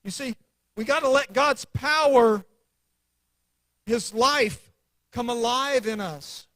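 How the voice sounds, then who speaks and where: A man's voice: very high-pitched, takes it slowly, a bit bright, no echo, low-quality recording. A man teaching an adult church class, earnestly repeating declarations with conviction before leading a prayer.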